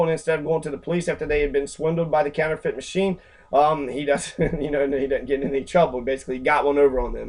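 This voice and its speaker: A man reading a book passage aloud and commenting on it casually, rambling and swearing, with many fillers. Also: fairly high pitch. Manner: acts out quoted characters in brief voices.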